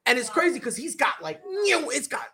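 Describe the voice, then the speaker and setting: A young adult woman hosting a sports podcast, telling stories in an animated, slangy way with lots of restarts and tag questions. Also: high-pitched, a little fast, a crowd in the background. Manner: animated storyteller, slangy, full of restarts and "right?". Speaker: podcast host. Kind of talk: casual sports chat.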